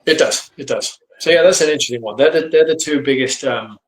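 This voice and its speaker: A man's voice: mid-range voice, fast, rough recording. Earnest man explaining dog training. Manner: earnest, explanatory, lots of agreeing 'yep'. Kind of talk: casual conversation. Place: home office.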